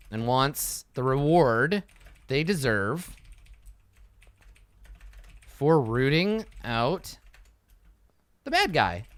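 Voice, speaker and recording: A man preps a tabletop session out loud as game master, thinking in loose fragments and swearing freely. His voice sits a bit high and swings widely in pitch. The sound is close and dry. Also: clear, resonant tone, no room sound. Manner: thinking aloud, animated, swears freely, acts out quotes. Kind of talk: casual solo campaign prep talk.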